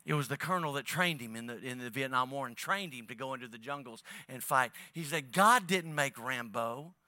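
A man preaching a sermon as pastor, talking to his congregation in a casual, halting way, with many restarts. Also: medium pitch, pushed and bright, no echo, studio quality.

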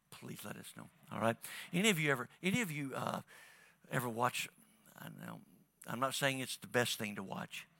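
A man preaching a sermon as pastor, talking to his congregation in a casual, halting way, with many restarts. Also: a little high, bright, forceful tone, dry recording.

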